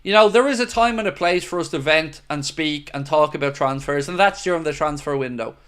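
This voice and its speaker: A man's voice: on the high side, fairly quick, fairly bright tone, clear, resonant tone. A man hosting a football fan livestream, chatting casually and answering viewers in an earnest, opinionated way. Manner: opinionated, earnest, talks straight to viewers with "mate". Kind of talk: casual livestream chat, reading viewer comments.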